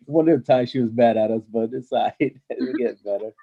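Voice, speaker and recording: A man's voice: mid-range voice, moderate pace, breathy edge, narrow, tinny audio. Rambling man on a video call. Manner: rambling, with many fillers and restarts. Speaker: former coaching colleague. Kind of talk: casual storytelling on a video call.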